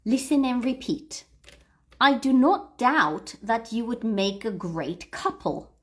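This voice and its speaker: In a slow, expressive voice on the high side, a woman models English words for her livestream learners to repeat. She teaches pronunciation patiently, explaining as she reads aloud.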